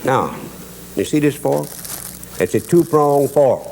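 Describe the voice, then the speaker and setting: A man's voice: on the high side, lively intonation, slow pace, gravelly, heavy background noise. A man with a Cajun accent hosting a cooking show, mixing kitchen steps with a drawling dialect story and chuckling at his own jokes. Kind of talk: folksy cooking demonstration with storytelling.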